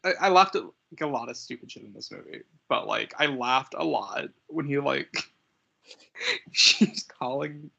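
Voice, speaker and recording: A man's voice: mid-range voice, animated, measured pace, vocal fry, pushed and bright, breathy edge. A young man co-hosting a movie podcast, rambling and giggling, swearing casually. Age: young adult. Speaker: podcast co-host. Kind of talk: casual chat. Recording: dull lo-fi audio.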